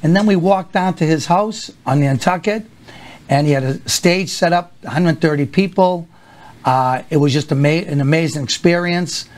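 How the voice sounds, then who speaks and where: An older man with a Boston accent, a comedian guest telling animated stories and acting out the voices of the people in them. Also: fairly high pitch, moderate pace. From Boston area, USA. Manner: animated anecdotes with acted-out voices. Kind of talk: storytelling on a talk show.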